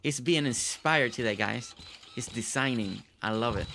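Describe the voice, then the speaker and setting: A man's voice: medium pitch, moderate pace, fairly bright tone, a little hiss or hum. A man from Puerto Rico hosting a casual game stream, chatting in a rambling way with lots of fillers. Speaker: streamer host.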